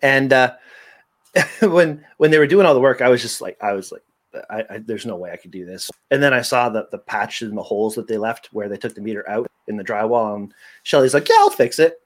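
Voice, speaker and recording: A man's voice: medium pitch, a little fast. A man with a Southern US accent co-hosting a casual talk show, telling stories in a joking way. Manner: jokey, laughs while telling stories. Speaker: podcast co-host. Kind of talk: casual chat.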